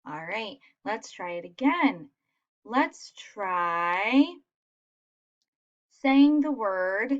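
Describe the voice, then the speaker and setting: A woman teacher gives a recorded phonics lesson for children, patiently and encouragingly spelling out sounds. Her voice is medium-pitched, and the audio is dull.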